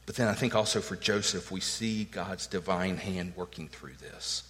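A man's voice: sits low, steady tone, normal speed, fairly bright tone, long reverb tail. A man preaching a sermon, emphatic and earnest, acting out the words of the people in his text. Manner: emphatic preaching, acts out quoted lines. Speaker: pastor.

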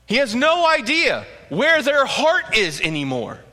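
A man preaching a sermon, telling the story with lively animation and acting out the quotes. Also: extremely high pitch, measured pace. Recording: echoey hall.

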